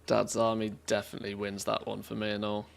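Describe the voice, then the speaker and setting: Gravelly streamer thinking aloud. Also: male voice, fairly low pitch, monotone, fast talker. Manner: thinking aloud, chatty, laughs easily. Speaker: game streamer. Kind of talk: casual live-stream commentary.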